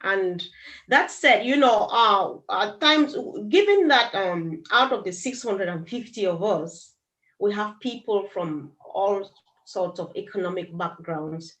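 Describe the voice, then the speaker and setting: Brief: woman host of a live chat, affirming and chatty, quick to giggle. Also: mid-range voice, animated, a bit bright, low-quality recording.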